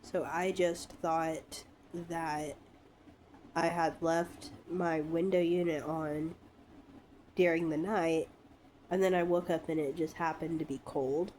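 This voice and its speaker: Congested woman, slow halting vlog talk. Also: deep voice, steady tone, darkish tone, slight background noise. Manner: halting, with frequent ums. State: stuffy, congested from a cold. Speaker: vlogger. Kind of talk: casual vlog update. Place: her bedroom.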